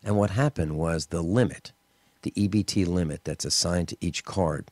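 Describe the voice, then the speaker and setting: A man hosting a talk radio show, telling stories and ranting in an indignant, animated way with mocking asides. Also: low-pitched, moderate pace, dry recording.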